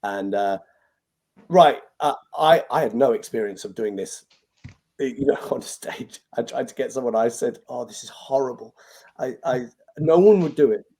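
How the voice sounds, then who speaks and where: A British man, a magician and compere, telling stories as a podcast guest in a lively way, swearing and acting out what people said. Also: medium pitch, normal speed. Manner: animated, swears freely, acts out quoted lines. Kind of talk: anecdotal storytelling interview.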